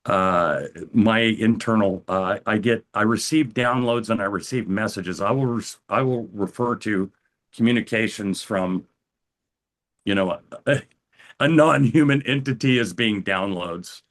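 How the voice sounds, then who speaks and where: An older American man, an interview guest, telling his personal story calmly, often stopping and restarting his sentences. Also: on the low side. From United States. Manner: calm, halting, with frequent restarts.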